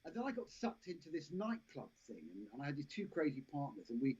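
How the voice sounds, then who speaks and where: A man's voice: a little high, sing-song, fast, a little mellow, slightly rough. A man, an actor and podcast guest, telling long rambling anecdotes with restarts and laughs. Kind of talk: casual storytelling interview. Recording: lo-fi live stream audio.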